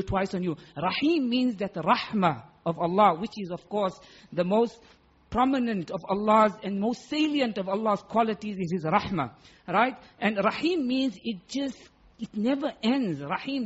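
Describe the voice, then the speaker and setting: High husky man giving a sermon. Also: lo-fi sound. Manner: emphatic, repeats words for stress, acts out quoted voices. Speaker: Islamic preacher. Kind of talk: sermon explaining Quranic Arabic.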